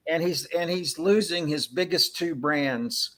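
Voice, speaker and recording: A man from Texas with a slightly high voice joins a sports radio roundtable as a guest. He lays out his points in a long, conversational run. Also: unhurried, a bit bright. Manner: conversational, explains points at length. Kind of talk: casual radio roundtable chat.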